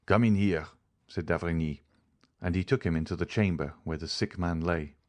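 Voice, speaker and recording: A man narrating a classic novel in a steady, even storytelling manner. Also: sits low, moderate pace, no echo. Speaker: audiobook narrator. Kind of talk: scripted narration.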